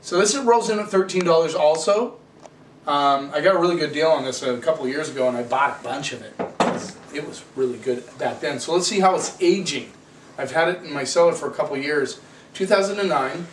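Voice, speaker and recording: Recorded in an echoey home room by a cameraman's distant mic with a faint hiss, this man reviews wines in a casual, opinionated way. His voice is fairly high and a little fast, and he rants using rhetorical questions.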